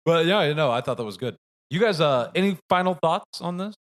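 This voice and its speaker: Animated man in a casual movie chat. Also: a little high, a little fast. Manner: animated storyteller, acts out voices. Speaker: podcast co-host.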